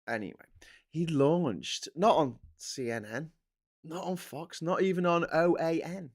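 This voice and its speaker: A man with a Scouse accent hosting a casual live stream, ranting in an opinionated way with sudden loud outbursts. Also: a little high, a little slow. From England.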